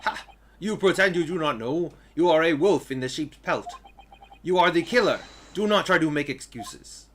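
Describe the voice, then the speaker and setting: A man's voice: medium pitch, moderate pace, a bit bright, a little hiss or hum, natural voice. A man voicing a stern, accusing police officer with an attempted Russian accent and clipped, broken grammar.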